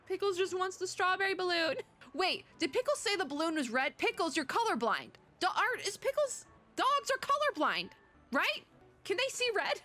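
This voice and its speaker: A young woman VTuber doing let's play commentary, excitable, gushing and giggly, recorded at a home setup on a desk microphone. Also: extremely high pitch, moderate pace. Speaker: VTuber gamer.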